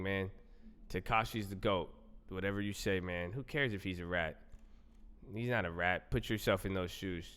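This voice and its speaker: Laid-back man with a smooth low voice. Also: bright, forceful tone, in a large hall. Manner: loose, rambling, repeats himself, says "bro" and "man" a lot. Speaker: livestream host. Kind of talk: casual livestream chat.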